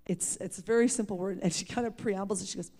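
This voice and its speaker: Woman preacher with a gravelly edge. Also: medium pitch, fairly even intonation, fast talker, darkish tone. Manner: candid and emphatic, laughing at herself. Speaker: preacher sharing her testimony. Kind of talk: personal testimony in a sermon.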